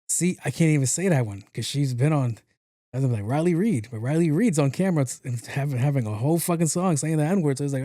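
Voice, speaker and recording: A man riffs through casual podcast commentary, full of swearing, jokes and repeated words. His voice is mellow and warm. The sound is dry and close. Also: mid-range voice, lively intonation, normal speed, no room sound. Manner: profane, joking, repeats himself. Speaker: podcast host.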